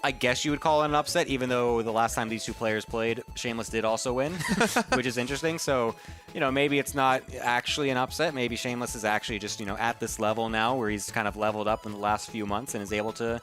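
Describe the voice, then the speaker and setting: A man casting a live esports match, energetic and chatty, laughing often. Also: mid-range voice, fast, faint music behind. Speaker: esports caster. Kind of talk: live game commentary.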